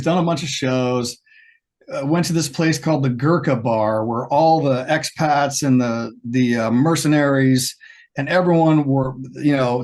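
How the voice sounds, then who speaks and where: A man being interviewed over a video call, telling lively stories and acting out the quoted lines. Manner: animated storyteller, acts out quoted lines with a higher pitch. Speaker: guest guitarist. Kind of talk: storytelling in an interview.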